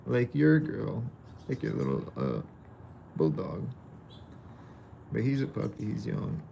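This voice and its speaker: A man chats casually outdoors for a vlog, playfully talking to a dog. His voice carries heavy gravel and fry, and his pitch swings widely as he talks. Faint noise sits under the recording. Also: huge pitch swings, takes it slowly, dark tone. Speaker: vlogger.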